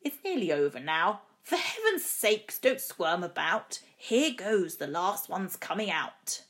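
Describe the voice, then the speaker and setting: A woman's voice: mid-range voice, sing-song, a little slow, a bit bright. A woman doing a gleeful, greedy dentist.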